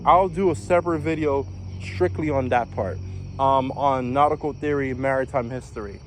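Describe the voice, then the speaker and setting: A man's voice: medium pitch, normal speed, a little hiss or hum. A young man casually telling a personal story as a vlogger, rambling and repeating phrases.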